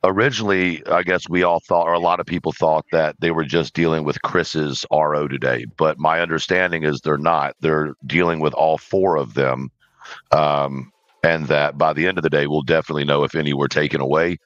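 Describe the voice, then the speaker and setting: A man speaking as a panel guest on a livestream, in a measured, cautious way with frequent ums. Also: a bass voice, steady tone, a bit bright, dry recording. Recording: dull lo-fi dry call audio.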